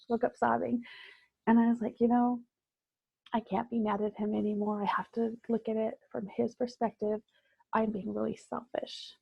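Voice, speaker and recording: A woman guest sharing a personal story in conversation, reflective and halting, with many fillers. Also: on the high side, flat delivery, gravelly, husky, no echo, highs cut off.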